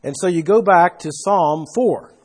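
A man preaches a Bible sermon, unpacking verses and letting his voice rise emphatically for stress. His voice sits high and is husky with a darkish tone, and he speaks a little slowly.

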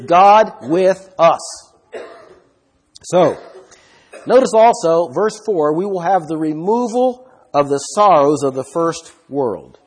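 A man preaches a sermon in a husky, somewhat high voice. He stresses key words hard and keeps asking his listeners questions. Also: darkish tone. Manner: emphatic, asks the listeners questions.

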